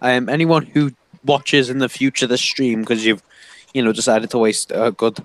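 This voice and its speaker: A man's voice: medium pitch, steady tone, moderate pace, low-quality recording. Rambling teenage boy. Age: teens. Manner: rambling, many fillers, laughs often. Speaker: stream host. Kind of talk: casual chat with friends.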